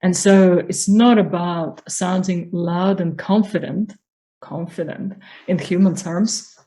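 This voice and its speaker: Slow, low-voiced woman coaching calmly. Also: rough recording. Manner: slow, calm, explanatory. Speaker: spiritual growth coach. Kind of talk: instructional talk on voice.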